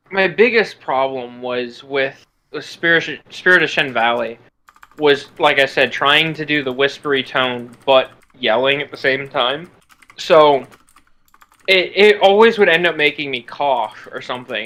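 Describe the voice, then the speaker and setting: A man chatting casually on a group call about voicing characters, laughing between stories. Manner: slow, lively pitch, laughs between stories. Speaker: voice actor and series creator.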